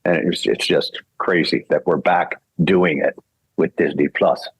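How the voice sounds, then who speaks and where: A man's voice: deep voice, fairly even intonation, measured pace, breathy edge, no echo, poor audio. An older man from Canada, a voice actor and singer, telling a casual story and acting out the voices he quotes, laughing often.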